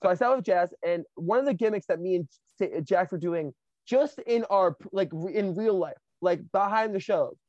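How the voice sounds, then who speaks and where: Woman wrestler, casual profane storyteller, animated delivery, dry close sound. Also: lowish voice, moderate pace, no room sound, highs cut off. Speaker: professional wrestler.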